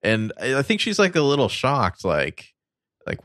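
A man's voice: sits low, expressive, moderate pace, a bit bright, dry recording. A man in his thirties co-hosting a podcast, casually recapping a book with dry asides. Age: 30s. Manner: laid-back, retells scenes in quoted voices, dry asides. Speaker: podcast co-host.

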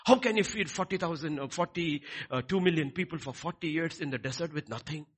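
A man preaching a sermon, swinging between quiet lines and loud, emphatic ones. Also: on the high side, fairly quick, husky. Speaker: pastor.

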